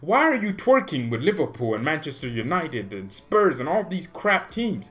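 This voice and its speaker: In a room at home, a man with a highish voice talks through football at a moderate pace for his fan channel. He rambles in an animated, casual way and keeps checking in with "right?", all captured on a tinny, phone-like recording.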